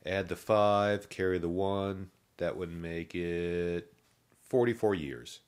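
A man voicing a slow, easygoing old male zombie inmate in a storybook tale, speaking in a drawl. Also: a bass voice, lively intonation, full character voice. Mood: slowly counting.

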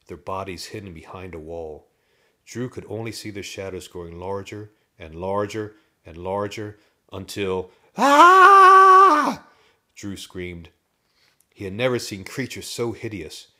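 Deep-voiced man reading a storybook. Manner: expressive, dramatic read-aloud.

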